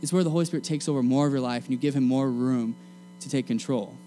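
A young man preaching a sermon to a room of students in a casual, energetic, slangy way. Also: mid-range voice, quick pace, a little hiss or hum. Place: meeting room.

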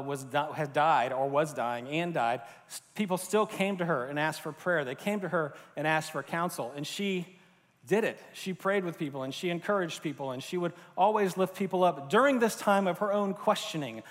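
A man from Florida preaching a sermon in a loose, conversational way, with fillers and restarts. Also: fairly high pitch. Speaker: pastor. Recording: long hall reverb.

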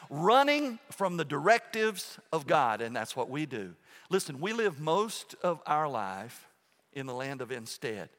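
Bright high-voiced pastor preaching in a reverberant church. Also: male voice. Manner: conversational preaching, often checks in with "okay?"; frequent restarts and repeated words. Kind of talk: sermon. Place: church sanctuary.

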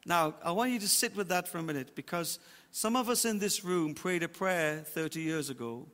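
Bright-voiced preacher man in a reverberant church. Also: fairly high pitch. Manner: emphatic, slows down to stress points. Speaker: pastor. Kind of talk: sermon. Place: church auditorium.

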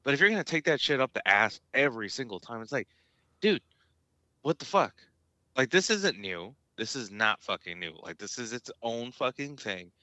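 A man's voice: mid-range voice, animated, normal speed, sharp tone, dry recording. A man co-hosting a podcast in casual chat, talking emphatically with heavy swearing. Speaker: podcast co-host. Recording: dull lo-fi dry sound.

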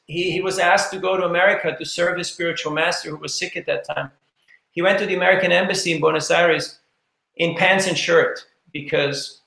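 A man's voice: a little high, gravelly, pushed and bright. A man who is a guest on a podcast, telling earnest anecdotes and often repeating himself. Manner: anecdotal, earnest, frequent repetitions. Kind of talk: storytelling interview talk. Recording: echoey room.

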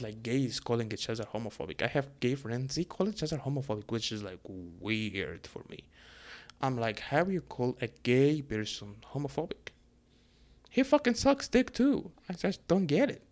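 Male vlogger, casual rant, blunt and profane, heated delivery. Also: mid-range voice. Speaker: vlogger answering comments.

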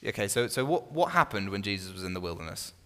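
A man teaching a small Bible study group in a relaxed, conversational way, often restarting phrases and putting questions to his listeners. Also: on the low side, fast talker. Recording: long reverb in a room.

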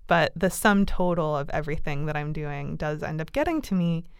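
A woman casually telling a personal story in conversation, animated and laughing often, with lots of fillers. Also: low voice, normal speed, creaky, clean tone, no room sound, studio quality.

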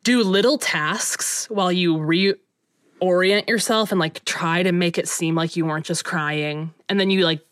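A woman's voice: lowish voice, normal speed, a bit bright, dry recording. A young woman co-hosting a podcast in casual chat, giggly and swearing freely. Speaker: podcast co-host.

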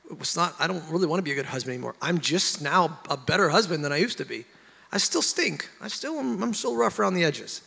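A man, a pastor, sharing his testimony in an animated, emotional way and getting loud at the high points. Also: fast, creaky, few pauses, breathy edge, in a large hall. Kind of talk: candid conversational testimony.

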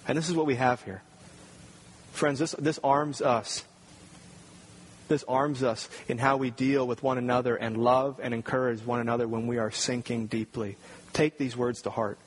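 A man's voice: medium pitch, slight background noise. A man preaching a sermon, earnest and building to emphatic points. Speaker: pastor.

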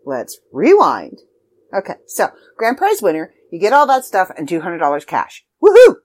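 A middle-aged Canadian magazine editor makes a casual video announcement promoting a writing contest, full of chatty, self-deprecating asides. Her voice sits on the low side and swoops wildly in pitch at a normal speed.

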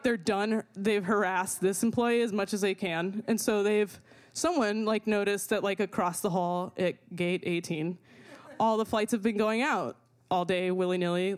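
A young woman telling a personal story in an animated way, full of fillers and swearing, often laughing as she talks. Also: medium pitch. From not from America.

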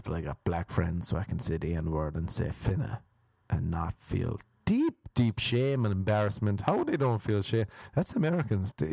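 Young male stand-up comic, rambling and mocking, mellow fry-heavy voice. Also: fairly low pitch, no room sound. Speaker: stand-up comedian. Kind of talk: stand-up comedy routine.

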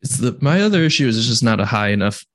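A man's voice: medium pitch, sing-song, fast talker. A man from the US West Coast co-hosting a podcast, chatting casually and laughing easily. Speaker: podcast co-host. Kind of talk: casual chat.

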